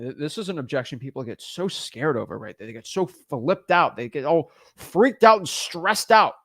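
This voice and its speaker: A man teaching real estate wholesaling in an energetic, animated way, often restarting and repeating words as he talks. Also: on the high side, normal speed, few pauses, no echo, clean studio sound. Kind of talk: energetic teaching with phone role-play. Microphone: studio microphone.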